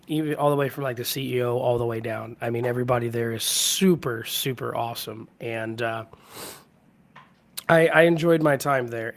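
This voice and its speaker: A man hosting a casual live stream from home, hoarse from a cold and keeping his voice low, rambling as he greets viewers by name. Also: fairly bright tone. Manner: keeps voice low to spare it. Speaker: livestream host. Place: at home with hardwood floors.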